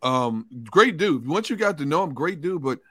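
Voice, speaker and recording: A man's voice: on the high side, lively intonation, moderate pace, bright, forceful tone, dry recording, clean studio sound. A man, a sports reporter co-hosting a talk show, recalling players in an emphatic, conversational way.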